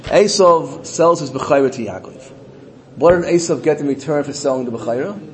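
A man's voice: fairly high pitch, lively intonation, normal speed. A man leads a Torah class in a slightly raised voice. He tells his story with animation and drops Hebrew and Yiddish words into plain talk. Faint noise and clicks sit behind him. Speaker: Torah teacher.

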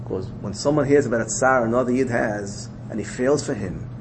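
A man's voice: medium pitch, fairly quick, noisy background. A man with a Yeshivish English accent giving a Torah lecture, telling a story in a sing-song learning cadence that rises and drops. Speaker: rabbi teaching Torah.

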